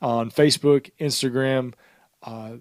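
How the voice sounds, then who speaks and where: Male co-host, mid-pitched, loose rambling delivery, dry close mic. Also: fairly even intonation, a little slow, no echo. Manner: rambling, laughs often, lots of "uh" fillers. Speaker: podcast co-host. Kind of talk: casual podcast chat.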